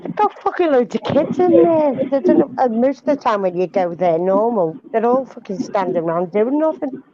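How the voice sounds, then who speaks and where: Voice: mid-range voice, sing-song, normal speed. Muffled co-host over heavy noise. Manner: brief sweary agreeing interjections. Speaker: livestream co-host. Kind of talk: casual chat. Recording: dull lo-fi audio with loud noise.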